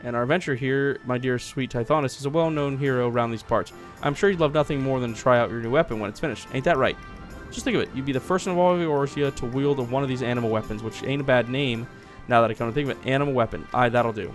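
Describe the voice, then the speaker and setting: A man's voice: quick pace, soft background music, natural voice. A man voicing a scheming woman merchant who coaxes in a salesy way. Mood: coaxing. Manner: coaxing, sales-pitch talk.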